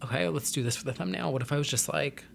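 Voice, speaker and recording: A man's voice: a little high, fast, vocal fry, slight background noise. A young man hosting his own vlog, talking in a rambling, chatty way with sassy slang. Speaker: vlogger host. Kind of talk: casual chat to camera.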